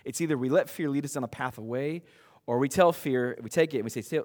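A man's voice: medium pitch, fast talker. Casual preaching man in a reverberant church. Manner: conversational, animated preaching with asides. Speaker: pastor. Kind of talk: sermon.

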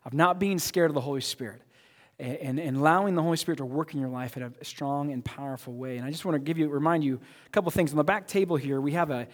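A man's voice: on the high side, fast talker, long reverb tail. A man preaching a sermon as pastor, talking casually, repeating himself and asking his congregation questions. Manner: conversational, repeats words, asks the congregation questions. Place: church sanctuary.

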